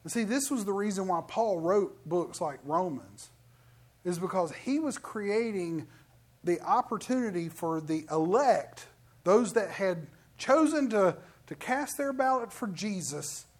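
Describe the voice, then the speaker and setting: A middle-aged preacher giving an emphatic sermon with lots of restarts. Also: medium pitch. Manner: animated, emphatic, with many restarts.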